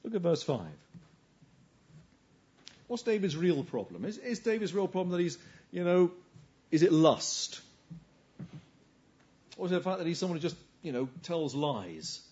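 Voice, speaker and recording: A man's voice: a little high, sing-song, normal speed, long pauses. Fervent preacher, man, dull lo-fi sound. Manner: rhetorical questions, swinging between hushed and forceful emphasis. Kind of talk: sermon.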